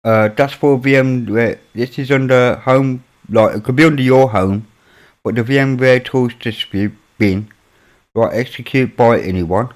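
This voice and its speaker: A man's voice: medium pitch, a little slow. Chatty Birmingham man. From Birmingham, England. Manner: chatty, mutters while working on his computer. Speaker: live-stream host. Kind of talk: casual chat with chat readers.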